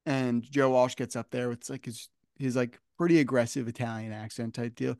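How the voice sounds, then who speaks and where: A man's voice: mid-range voice, normal speed, dry recording. Chatty male podcast host, dry close sound. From New Jersey. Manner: chatty, animated storyteller with fillers. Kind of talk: casual chat.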